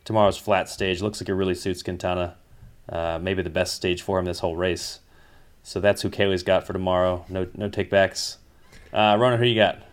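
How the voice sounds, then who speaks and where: A man's voice: low-pitched, fairly even intonation, brisk. A man hosting a podcast over a call, giving casual race analysis in a thoughtful, hedging way with frequent restarts. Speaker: podcast host. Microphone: remote call.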